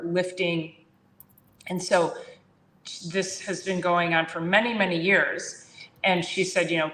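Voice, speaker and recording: A woman hosting a chiropractic talk show, telling a patient story in a casual, animated way and acting out both sides of the conversation. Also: on the low side. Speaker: chiropractor and podcast host. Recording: roomy echo.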